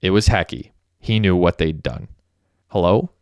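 A man reading a story aloud as a narrator, in a steady, even storytelling manner. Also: low-pitched, moderate pace, clean tone, no room sound, clean studio sound. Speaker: audiobook narrator. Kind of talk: scripted narration.

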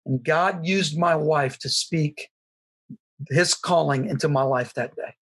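Earnest husky man telling his story. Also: fairly high pitch, a bit bright. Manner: earnest, halting storyteller with many restarts. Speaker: guest sharing his testimony. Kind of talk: personal storytelling.

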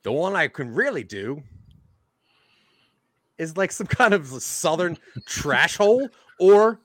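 A man's voice: a little high, big pitch swings, slow, fairly bright tone, dry recording. A man giving a mock presentation in improvised comedy, playful and mock-villainous, drifting in and out of a put-on accent.

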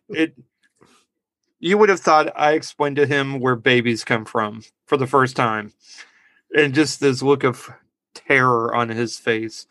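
Casual podcaster, male, bright and forceful delivery, dry close mic, giggles through his own stories. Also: medium pitch, slow pace, dry recording. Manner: laughs at his own jokes, rambling. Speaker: podcast co-host. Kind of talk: casual movie review chat.

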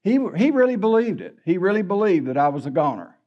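An older pastor preaches in a high, bright-pitched voice. He talks in a folksy, candid, humorous storytelling way. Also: very animated, fast, muffled recording. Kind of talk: sermon.

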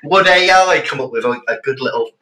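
A man co-hosts a casual podcast with plenty of self-deprecating jokes. His voice is bright and mid-pitched. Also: expressive, brisk. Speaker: podcast co-host. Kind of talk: casual chat.

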